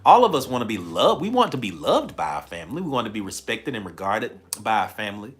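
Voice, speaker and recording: A man's voice: lowish voice, big pitch swings, fast talker. A man from the American South with a Southern accent, giving a live motivational talk, repeating key lines for emphasis and laughing often. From Southern United States. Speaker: motivational spiritual speaker.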